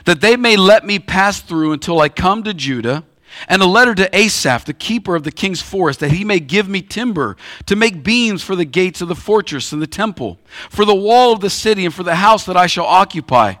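A man's voice: sits high, lively intonation, a little fast, fairly bright tone. A man preaching a sermon as a pastor, emphatic and acting out the dialogue of the passage in plain speech. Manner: emphatic, acts out the biblical dialogue.

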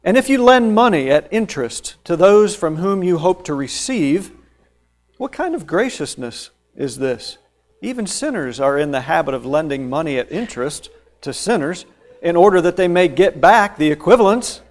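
A male preacher with a slightly higher voice, delivering a sermon that walks through scripture verse by verse. He presses key phrases with rising force, then drops back to quieter explanation. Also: lively intonation, normal speed. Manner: emphatic, rising to loud stressed phrases then dropping low.

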